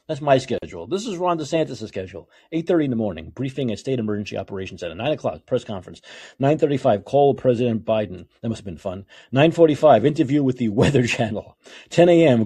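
Husky-voiced man ranting sarcastically. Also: medium pitch, lively intonation, fast. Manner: sarcastic, swings between yelling and quiet mutters. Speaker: political talk show host. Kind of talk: opinionated monologue.

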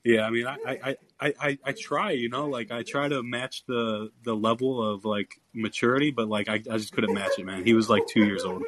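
A man's voice: medium pitch, steady tone, a little fast, few pauses, crowd noise. A man hosting a live call-in basketball podcast, taking callers one after another. He is blunt and easily irritated, and he stumbles through repeated words before getting his point out. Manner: blunt, irritated, stammering restarts. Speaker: podcast host. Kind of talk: live call-in sports chat.

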